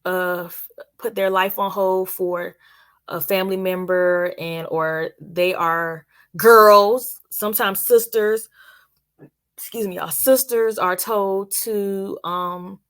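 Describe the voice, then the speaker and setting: A woman's voice: mid-range voice, a little slow, a bit bright. A young adult woman giving a casual, chatty spoken review of a TV series and talking straight to her viewers. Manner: chatty, addresses viewers directly.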